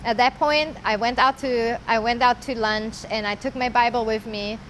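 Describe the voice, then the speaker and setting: Woman, personal testimony, earnest, halting, casual fillers, fairly high pitch. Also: fairly even intonation, a bit bright, a little hiss or hum, rough recording. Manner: earnest, halting, with many "like" and "you know" fillers. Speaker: interviewee sharing her story.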